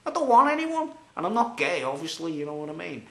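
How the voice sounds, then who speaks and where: A Scouse man rambles through a long personal story. He is chatty and animated and keeps checking in with his listeners, and his slightly high voice rings around an echoey room. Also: fast, gravelly. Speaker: vlogger.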